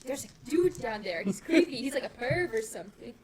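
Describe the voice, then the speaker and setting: A woman's voice: a little high, lively intonation, crowd noise. A woman playing a tabletop game, blunt and profane in her talk. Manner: blunt, profane, quick to laugh. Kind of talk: casual play at the table.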